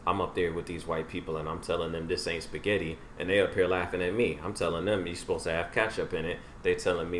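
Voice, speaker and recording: Deep-voiced man riffing on a podcast. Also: fairly even intonation, fast talker, few pauses, a little hiss or hum. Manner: laughs easily, riffs along on the jokes. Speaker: podcast co-host. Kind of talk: casual comedic chat.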